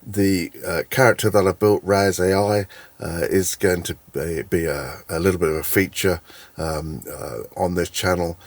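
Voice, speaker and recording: A man's voice: sits low, steady tone, moderate pace, no room sound. A man giving a casual tutorial, hesitating often with fillers and restarts. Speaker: tutorial creator.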